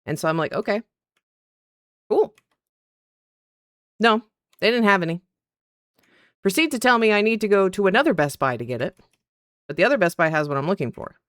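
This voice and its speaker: A woman streamer chatting casually at her PC, telling a story in an animated way and acting out the other people's lines. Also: medium pitch, quick pace, pauses often, dry recording, clean studio sound. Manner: animated, acts out quoted dialogue. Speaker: streamer and content creator.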